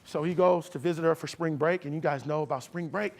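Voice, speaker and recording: A man giving a live motivational talk on leadership, telling a story with many repeats and restarts, swinging between loud bursts and quiet asides, and calling on the crowd to answer. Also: a little high, quick pace, slight background noise. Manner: addresses the crowd directly, calls for responses.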